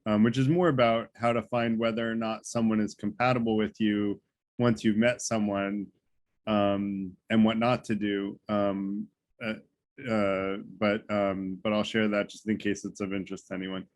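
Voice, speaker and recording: A man hosting a group video call, speaking in a relaxed way with many fillers. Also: fairly low pitch, moderate pace, no echo. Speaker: group host.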